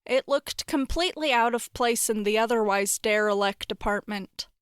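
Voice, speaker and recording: Smooth-voiced woman narrating a horror tale. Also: on the high side, moderate pace, no room sound, studio quality. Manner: wry, expressive storytelling. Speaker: narrator reading a horror story. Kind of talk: scripted story narration.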